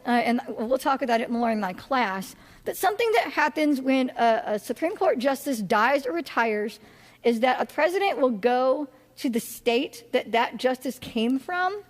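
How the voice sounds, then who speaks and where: A woman teaching a political science class in a casual, chatty way, with many fillers and restarts, putting questions to her listeners. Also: high voice. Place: classroom or lecture hall. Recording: long hall reverb.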